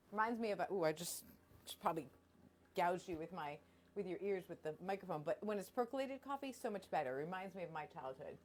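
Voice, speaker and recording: A woman's voice: medium pitch, slight background noise. A middle-aged woman radio host chatting casually on a live stream from her studio, bubbly and self-deprecating.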